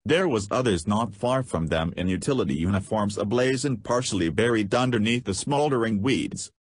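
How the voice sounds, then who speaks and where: A man's voice: on the low side, moderate pace, slightly rough, dry recording. A man narrating an audiobook, reading in a scripted way and voicing punctuation marks aloud.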